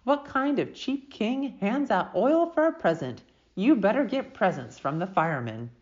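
A woman's voice: deep voice, big pitch swings, moderate pace, a little mellow, muffled recording. A woman reading a storybook aloud, voicing a tough, bossy young girl who talks bluntly and grumbles. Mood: scornful.

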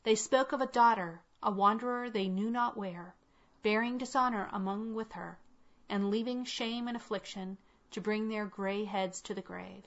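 A woman narrating a classic tale in a measured, unhurried reading. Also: medium pitch. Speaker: audiobook reader. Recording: dull lo-fi recording.

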